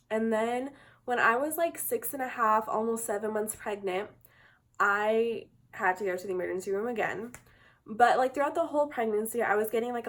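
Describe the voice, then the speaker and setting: A young woman telling a personal story in a casual, chatty way, filling nearly every phrase with "like". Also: on the high side. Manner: chatty, says "like" constantly. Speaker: vlogger.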